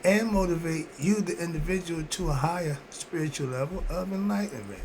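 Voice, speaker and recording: A man with a medium-pitched voice hosts a casual self-help philosophy monologue, preaching in repetitive call-and-response phrases and chuckling often. He's in a home room with a heater running, and there's a little hiss or hum.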